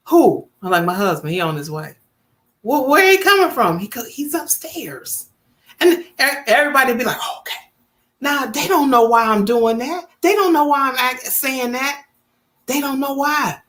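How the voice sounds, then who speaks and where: A woman's voice: sits high, lively intonation, normal speed, a bit bright. A woman, chatting to camera in a vlog, emphatic and repeating her points. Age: 50s. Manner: chatty, emphatic, repeats points, acts out quoted family voices. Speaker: vlogger. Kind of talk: casual storytelling to camera.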